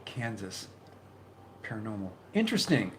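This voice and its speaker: A man hosting a casual live stream, reading viewer comments and chatting in a rambling, halting way, repeating his words. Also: on the low side, very animated, a bit bright, soft background music. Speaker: YouTube channel host.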